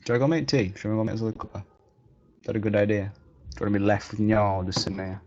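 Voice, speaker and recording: A man's voice: lowish voice, completely flat delivery, fast talker, darkish tone. A man streamer chatting casually on a live stream, joking and self-deprecating. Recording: dull lo-fi recording.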